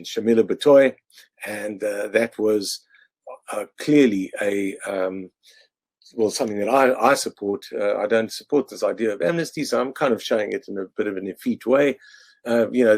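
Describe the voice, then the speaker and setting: A man from South Africa, a cartoonist walking an online audience through his cartoons in a halting way, with many restarts. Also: lowish voice, a little mellow, no echo. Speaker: cartoonist presenting his annual.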